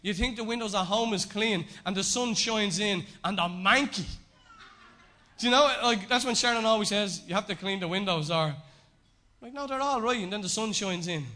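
A man gives a conversational sermon at a moderate pace, his voice climbing into emphatic declarations and then dropping to quiet, repeated lines.

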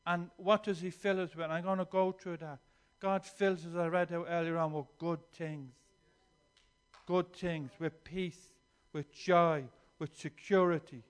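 A man with a notably high, clean-toned voice preaches a sermon, moving from soft, reflective passages to forceful, emphatic declarations. He often restarts and repeats words as he builds his point.

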